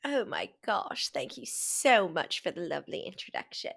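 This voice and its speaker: Chatty bright-voiced American woman. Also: medium pitch, very animated, gravelly, husky. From United States. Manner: chatty, rambling, quick asides. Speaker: podcast co-host. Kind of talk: casual chat.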